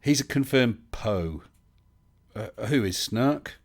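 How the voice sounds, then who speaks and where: A man's voice: mid-range voice, animated, slow pace. A man, hosting a casual live stream and chatting his way through viewer comments with lots of fillers and restarts.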